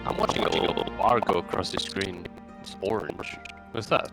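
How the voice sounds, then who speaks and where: Deep-voiced Scottish man, laid-back. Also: steady tone, normal speed, gravelly, music in the background. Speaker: friend and guest voice actor on a stream. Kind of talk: casual chat.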